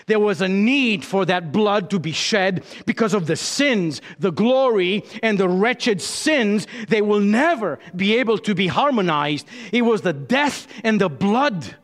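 High-voiced preacher in a reverberant hall. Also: male voice. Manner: dramatic pauses, emphatic rises and drops. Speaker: pastor. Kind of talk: sermon.

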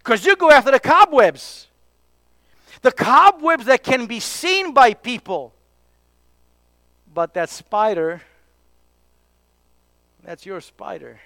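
Slow, high-voiced male preacher. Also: very animated, no echo. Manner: emphatic, drops to hushed tones for key points. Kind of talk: sermon.

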